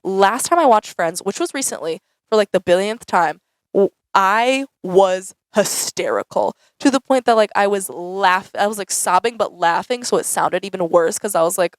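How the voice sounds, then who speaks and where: A woman's voice: mid-range voice, normal speed, dry recording, low-quality recording. A young woman answering viewer questions in a casual, chatty vlog, saying "like" a lot. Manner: chatty, says "like" often, animated. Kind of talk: casual Q&A chat. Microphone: camera mic.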